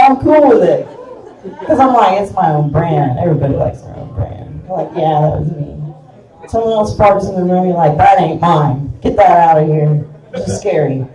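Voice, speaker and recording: A woman's voice: fairly low pitch, animated, normal speed, distant mic, a crowd in the background. A middle-aged woman with a Kansas accent doing a crude, self-mocking live stand-up set in a small bar. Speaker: stand-up comedian. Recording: echoey room picked up from afar.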